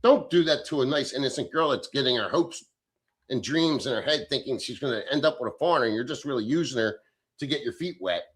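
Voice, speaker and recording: A man's voice: mid-range voice, animated, quick pace. Middle-aged male streamer, blunt and crude, easy off-the-cuff chat, mid-range voice. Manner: blunt, profane, off-the-cuff banter. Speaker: livestream host reading chat. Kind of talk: casual livestream chat.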